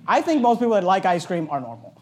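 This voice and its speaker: Loud, high-voiced middle-aged male pastor. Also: wildly swooping pitch, fast, a little hiss or hum. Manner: loud, emphatic delivery; conversational storytelling with asides. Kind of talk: sermon with personal anecdote.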